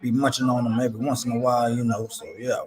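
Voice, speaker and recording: A man's voice: medium pitch, flat delivery, fast, a little mellow. A man hosting a live wrestling stream, chatting casually and reading out viewer comments, dropping "man" into nearly every sentence. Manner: laid-back, says "man" constantly, breaks into laughter.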